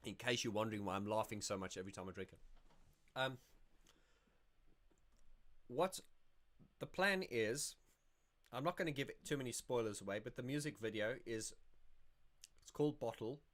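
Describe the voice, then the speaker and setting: A man's voice: medium pitch, expressive, moderate pace, long pauses, a bit bright. A man hosting a casual livestream Q&A, chatty and rambling, often laughing and restarting his sentences. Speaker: YouTube channel host.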